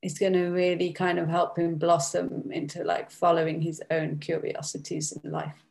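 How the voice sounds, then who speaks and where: A woman's voice: on the low side, flat delivery, moderate pace, gravelly, a little mellow. A woman from Britain talking casually as the client in a guided session. She laughs often and fills her speech with "like". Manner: laughs often, many fillers of "like". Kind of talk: casual chat.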